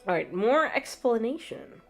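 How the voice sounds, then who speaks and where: A woman's voice: a little high, sing-song, unhurried. A woman streaming gameplay, chatting casually, laughing often and reading chat aloud. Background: faint background music.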